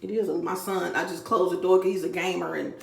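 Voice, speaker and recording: A woman's voice: fairly low pitch, fairly even intonation, fairly quick, gravelly, roomy sound. A middle-aged woman from Dallas, Texas, ranting in a profane, rambling vlog recorded at home. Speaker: YouTuber. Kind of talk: emotional vlog rant. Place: home room.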